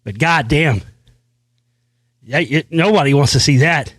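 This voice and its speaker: Hosting his own show, a man launches into a brash, boastful rant packed with profanity and repeated phrases. His voice sits fairly high with a fairly bright tone, and he takes his time. The recording is dry, with clean studio sound.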